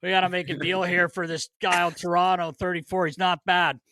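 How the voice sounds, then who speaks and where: A man telling stories on a podcast, animated and swearing, laughing often as he talks. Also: high-pitched, a little fast, dry recording. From Philadelphia. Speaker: podcast co-host, former player. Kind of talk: casual storytelling chat.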